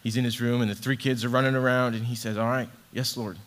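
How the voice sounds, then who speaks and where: A man's voice: medium pitch, flat delivery, fast, a bit bright. A man from a church ministry team reading a Bible passage aloud and reflecting on it in an earnest, heartfelt way, often repeating words as he goes. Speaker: church ministry associate director. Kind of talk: devotional scripture reading and reflection.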